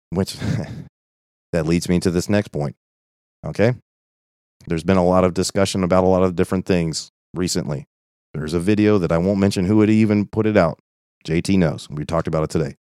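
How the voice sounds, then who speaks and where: A man with a very low voice teaches scripture in an earnest, conversational way. He drives points home and keeps checking in with his listeners. The sound is close and dry. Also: a little mellow, no room sound. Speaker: Bible teacher. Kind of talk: informal Bible study.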